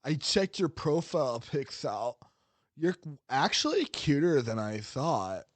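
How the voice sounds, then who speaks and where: A man putting on the voice of a sweaty, sleazy young man in online chats, slow and leering. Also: mid-range voice, sing-song, dry recording, voice pushed up.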